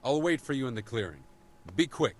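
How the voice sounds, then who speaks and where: A man's voice: mid-range voice, sing-song, brisk. An actor playing a stern nobleman in a video game, curt and commanding as he gives urgent orders.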